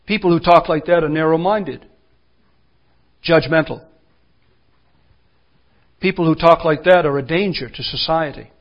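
A man preaching a sermon, building to forceful, emphatic declarations. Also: on the high side, unhurried, long pauses, dull audio.

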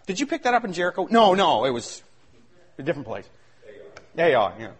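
A male pastor preaching a sermon, swinging between shouted excitement and hushed asides. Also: on the high side, a little fast, slightly rough.

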